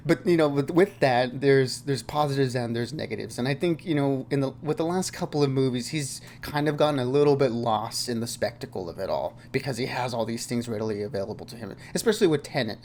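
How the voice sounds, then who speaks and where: A man's voice: mid-range voice, a little mellow, slight background noise. A young man co-hosting a casual film review, reasoning things through with lots of "you know" and repeated words.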